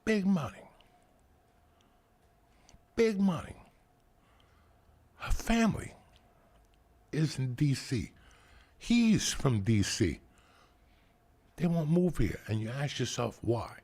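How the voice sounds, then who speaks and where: A man's voice: medium pitch, slow pace, pauses often, husky. A man from New Jersey hosting a podcast, telling stories in a blunt, profane rant. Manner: animated, blunt, swears heavily, ranting. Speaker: podcast host. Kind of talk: casual profane storytelling.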